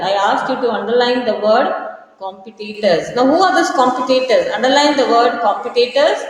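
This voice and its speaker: A woman teacher explaining a poem to pupils, repeating key lines and explaining words slowly. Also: mid-range voice. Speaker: school teacher. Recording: echoey room with long reverb.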